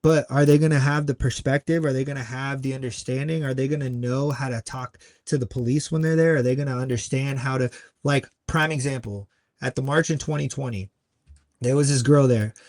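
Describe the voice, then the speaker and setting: A man guest on a podcast, telling a story earnestly and acting out other people's lines with sudden jumps in pitch. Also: fairly even intonation, a little fast, a little mellow, no room sound. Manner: earnest, acts out quoted voices with big pitch jumps. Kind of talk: conversational storytelling.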